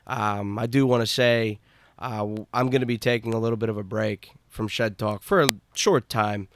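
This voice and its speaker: A young man hosting a casual podcast, talking in a laid-back, halting way with lots of fillers. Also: lowish voice, fairly even intonation. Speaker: podcast host.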